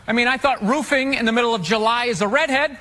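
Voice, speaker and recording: A man doing a stand-up comedy routine with sarcastic, deadpan mockery. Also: very high voice, quick pace, background noise.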